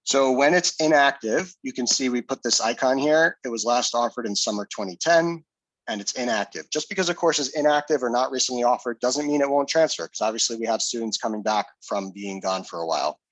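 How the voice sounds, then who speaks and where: A man's voice: mid-range voice, expressive, fairly quick, no echo, rough recording. Male presenter, conversational and explanatory, dry close-miked sound. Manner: explanatory, casual, with fillers and restarts. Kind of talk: screen-share software demo.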